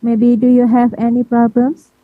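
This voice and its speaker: A woman's voice: fairly high pitch, monotone, moderate pace, dry recording. A woman moderating an online conference session, hesitant and politely apologetic, with many "uh" fillers. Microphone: video call. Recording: tinny, phone-like video call audio.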